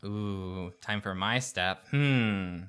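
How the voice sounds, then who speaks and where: A man playing a tabletop role-play game, musing aloud with hums and pauses as he describes his character's moves. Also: lowish voice, fairly bright tone, clean tone. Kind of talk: casual role-play chat.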